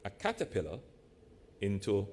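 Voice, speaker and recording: A man from Jamaica, a politician giving a measured, deliberate speech to a live audience in a large church hall, with playful asides. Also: fairly low pitch, wildly swooping pitch, darkish tone, slight background noise.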